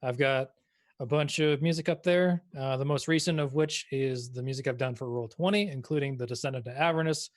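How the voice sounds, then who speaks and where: A man's voice: mid-range voice, fairly quick. A man playing in a tabletop game, chatting casually and rambling with lots of fillers. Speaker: player and composer. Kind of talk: casual chat.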